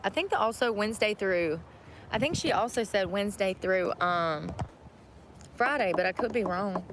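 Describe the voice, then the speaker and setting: A woman who live streams, chatting casually in a soft, meandering way with many fillers. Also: medium pitch, lively intonation, normal speed, noisy background. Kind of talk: casual chat.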